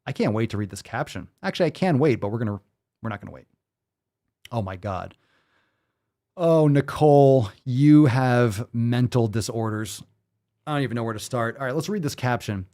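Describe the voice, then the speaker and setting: A man's voice: mid-range voice, lively intonation, quick pace, a little mellow. A man hosting a fitness show, ranting with sarcastic, profane disbelief in live-stream commentary. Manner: sarcastic, profane, incredulous rants.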